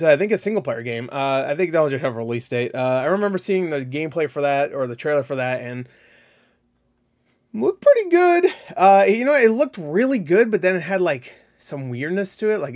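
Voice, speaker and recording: A man's voice: fairly high pitch, expressive, fairly quick. A young man hosting a casual solo video of gaming predictions, rambling loosely with many fillers and casual swearing. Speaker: gaming channel host.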